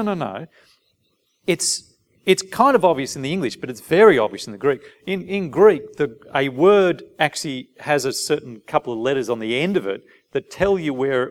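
A man preaching a sermon, asking his listeners questions and briefly acting out little dialogues. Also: medium pitch. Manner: animated, asks the audience rhetorical questions, acts out short dialogues.

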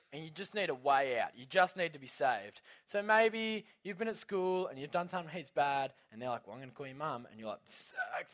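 A young man giving a casual, animated youth talk as a youth leader. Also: on the high side. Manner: casual storytelling, lively and animated.

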